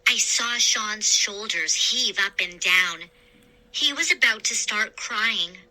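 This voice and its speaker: A woman narrating a spooky children's story aloud in a slow, expressive reading. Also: medium pitch, low-quality recording. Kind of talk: scary story read-aloud.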